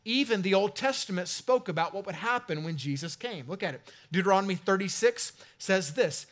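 High-voiced pastor preaching casually. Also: male voice, animated, brisk, few pauses, a bit bright. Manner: conversational, jokey asides to the congregation. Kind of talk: sermon. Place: church sanctuary.

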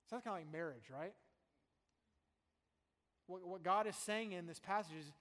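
A man's voice: high-pitched, fast, long pauses, fairly bright tone, big-room sound. A man preaching a sermon to a congregation in a church, speaking emphatically and often repeating and restarting his phrases. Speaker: pastor. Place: church sanctuary before a congregation.

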